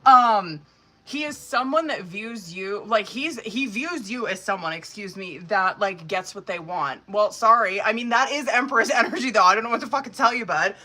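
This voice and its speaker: A young woman with a bright, edgy voice reads tarot cards for viewers live on a stream. She talks bluntly and sassily, swearing freely as she explains each card. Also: medium pitch, moderate pace. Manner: blunt, profane, sassy. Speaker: tarot reader.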